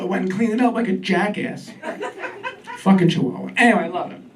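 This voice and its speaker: A man's voice: sits high, fairly quick, background noise. A man doing a stand-up comedy set on a club stage, talking in a loose, self-deprecating way. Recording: distant stage mic with crowd. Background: audience laughter.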